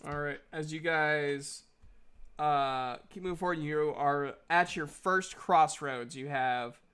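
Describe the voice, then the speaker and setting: A man narrating a tabletop game as dungeon master, slowly and with many fillers. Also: on the high side, fairly bright tone, smooth.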